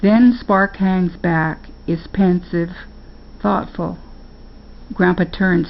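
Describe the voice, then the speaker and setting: An older woman storyteller reading a storybook aloud in unhurried, plain narration. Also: fairly low pitch, fairly even intonation, vocal fry, lo-fi sound.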